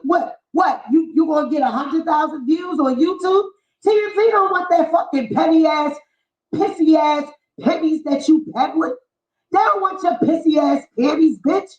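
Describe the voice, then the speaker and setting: A woman vlogger delivering a heated, mocking, profanity-filled commentary rant. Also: high voice. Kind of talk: ranting commentary vlog. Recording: echoey, dull lo-fi room sound.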